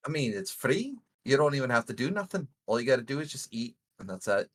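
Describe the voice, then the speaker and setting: Player doing a blunt, threatening predator, lively pitch. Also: fast. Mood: coaxing. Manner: coaxing, then threatening, casual swearing. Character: blunt, menacing bird-like woman predator.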